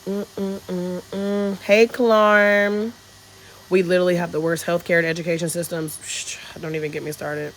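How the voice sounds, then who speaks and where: A woman's voice: low-pitched, level tone, quick pace, few pauses, a little hiss or hum, poor audio. A woman, chatting frankly on a phone livestream from a resort, reading comments, swearing and laughing freely. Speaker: travel vlogger on a livestream. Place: resort in Bali, outdoors.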